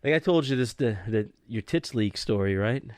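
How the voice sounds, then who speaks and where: A man hosting a podcast, telling work stories to an old friend in an animated, easily amused way. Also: mid-range voice, normal speed, no echo, studio quality. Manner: animated storyteller, laughs easily. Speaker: podcast host. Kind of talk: casual chat between old friends.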